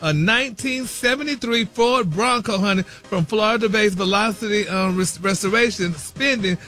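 A man's voice: sits high, normal speed, pushed and bright, faint music behind. A man reporting celebrity news on a radio show, flamboyant and sassy, calling listeners honey, baby and y'all in nearly every phrase.

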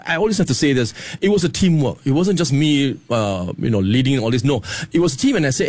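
A man, a guest comedian telling lively anecdotes and laughing often. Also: on the high side, quick pace, few pauses, no echo. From Singapore.

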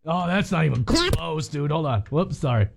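Young man, laid-back teasing banter, lively pitch, faint noise and clicks. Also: normal speed, vocal fry. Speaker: co-host playing a reverse-audio word game. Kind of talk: casual playful banter.

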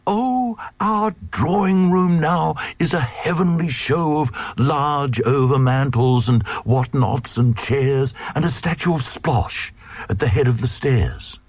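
A man doing a shrill, gushing storybook queen. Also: slow pace, dry recording. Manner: shrill, swooning exclamations. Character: vain, gushing female queen of the Glugs.

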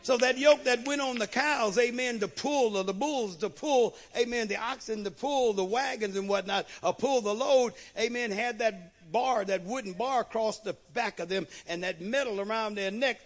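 High-voiced preacher full of amens. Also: male voice, normal speed, few pauses. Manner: emphatic, with frequent amens and storytelling asides. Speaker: bishop and preacher. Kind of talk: sermon.

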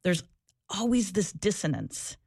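A woman's voice: mid-range voice, big pitch swings, measured pace, vocal fry, darkish tone, slightly rough, no echo, studio quality. A woman who used to be a social worker, talking candidly in an interview, earnest and reflective, often restarting and repeating herself. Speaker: former social worker, guest.

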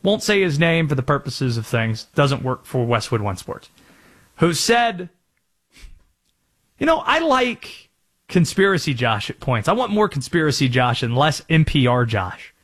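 A sports talk radio host from North Carolina talks in a chatty, self-aware way. His voice sits high and moves a lot in pitch. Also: sing-song, unhurried, fairly bright tone.

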